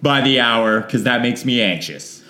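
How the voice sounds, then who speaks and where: A man co-hosting a podcast, wry and quick to laugh as he reads out news stories in casual chat. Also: mid-range voice, expressive, sharp tone. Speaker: podcast co-host. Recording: echoey room.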